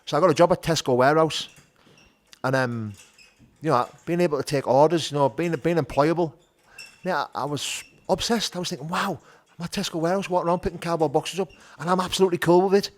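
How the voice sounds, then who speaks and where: A man's voice: a little high, quick pace. A middle-aged man, a podcast guest telling his story frankly, peppering his talk with "you know" and "do you know what I mean". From North of England. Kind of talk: candid conversational storytelling.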